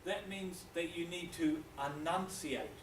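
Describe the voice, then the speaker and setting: A man from New Zealand with a New Zealand accent, giving a classroom lecture as a teacher and pausing often to check in with his students. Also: a little high. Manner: deliberate, checks in with frequent "okay?". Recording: echoey room, distant mic, faint hiss.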